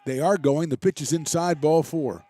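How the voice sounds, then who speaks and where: A man doing relaxed, chatty play-by-play commentary for a college baseball game, with self-deprecating asides. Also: fairly high pitch, moderate pace, dry recording. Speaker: play-by-play announcer.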